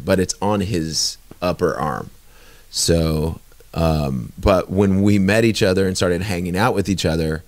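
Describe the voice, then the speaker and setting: Low-voiced laid-back man hosting a podcast. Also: darkish tone, no echo. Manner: rambling, laid-back storytelling with fillers. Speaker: podcast host. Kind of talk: casual chat.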